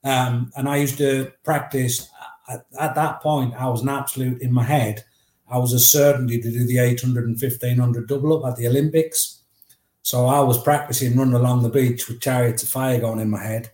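A man's voice: mid-range voice, normal speed, echoey room. Northeast English man telling stories. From Northeast England. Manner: lively anecdotes with acted-out quotes. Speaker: guest. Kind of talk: storytelling in an interview.

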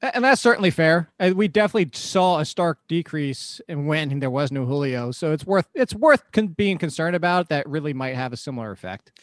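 A man's voice: on the high side, animated, a little fast, few pauses, no room sound, studio quality. A man co-hosting a podcast, chatting about fantasy football in an analytical way and laughing often. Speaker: podcast co-host.

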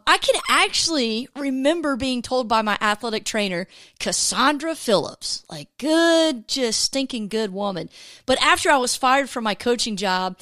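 A woman's voice: a little high, dry recording. A woman hosting a faith podcast, chatting and telling stories with frequent laughter, recorded on a close mic. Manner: chatty, laughs often, animated storytelling. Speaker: podcast host.

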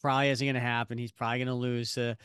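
Smooth-voiced man rambling on a podcast. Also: medium pitch, little pitch movement, racing, fairly bright tone, no echo, studio quality. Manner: rambling, many fillers and restarts. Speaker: podcast co-host. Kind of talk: casual chat.

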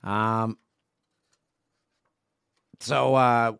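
A man in his forties hosts a casual solo podcast and reads listener emails aloud, breaking off for jokey asides. His voice sits at an ordinary pitch. It is recorded close and dry, with no room sound. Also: level tone, drawn-out words, creaky, a bit bright, smooth, dry recording. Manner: chatty, jokey asides while reading mail. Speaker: podcast host.

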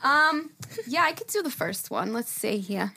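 Ny girl podcasting, bouncy lively voice, laughs a lot, swears, dead dry mic. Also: fairly high pitch, vocal fry, slightly rough, no room sound. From New York. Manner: laughs often, swears, talks fast. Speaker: podcast co-host. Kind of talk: casual chat. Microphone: studio mic.

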